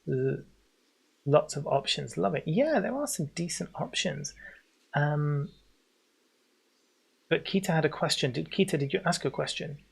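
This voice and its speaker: A man in his forties with an English accent, chatting casually while livestreaming a game, rambling on and breaking into excited greetings for viewers. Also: on the high side, measured pace, vocal fry, long pauses, slightly rough. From England. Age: 40s. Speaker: game streamer.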